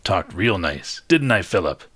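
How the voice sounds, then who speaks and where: A man's voice: low-pitched, very animated, measured pace, fairly bright tone, slightly rough, no echo, full character voice. A man doing a cocky, menacing tough guy. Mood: smug. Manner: boastful, threatening. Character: cocky, menacing adult man boasting over a meal.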